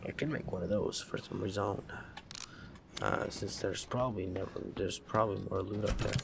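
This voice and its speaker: Sick, gravelly young man swearing through horror game. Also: lowish voice, fairly even intonation, moderate pace, background noise. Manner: profane, jumpy, talks to himself. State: sick, voice deep and raspy. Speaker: gaming let's-player.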